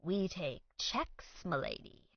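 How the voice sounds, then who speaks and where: A pompous bald man playing lord of the gate, as a female narrator puts him on, stubborn and leering, with mock-olde speech that drops low at the ends of phrases. The recording is dry and a little dull. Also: animated, slow pace, a bit bright, no echo, full character voice. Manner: faux-archaic, leering and stubborn. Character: pompous bald male medieval reenactor.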